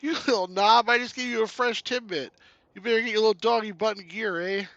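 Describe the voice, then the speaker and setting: A man voicing a brash, boisterous Canadian cop in a video game, with an exaggerated Canadian accent and a loud, hammy delivery. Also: high voice, brisk, creaky, no room sound, lo-fi sound, pitched above the performer's own voice, heavily acted. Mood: scolding. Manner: loud, hammy, ends lines with "eh".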